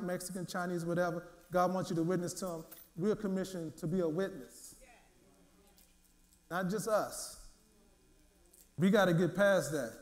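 High-voiced man preaching a story. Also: roomy sound. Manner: lively storytelling, repeats words, acts out quotes. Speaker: minister. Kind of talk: sermon with personal testimony.

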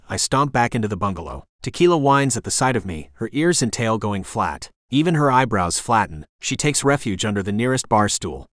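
Low-voiced guy narrating a first person audiobook, broody inner monologue, dry close sound. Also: a bit bright, no room sound.

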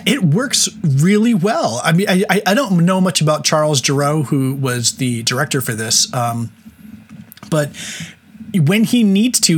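Laughing man in his forties, fairly high voice. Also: slightly rough. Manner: chatty, laughs often, wry jabs. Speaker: podcast co-host. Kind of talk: casual film discussion.

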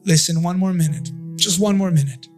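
A man's voice: high voice, brisk. A male pastor leading a church prayer and sermon, impassioned, repeating phrases and half-singing some lines. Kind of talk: sermon and altar-call prayer. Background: instrumental music.

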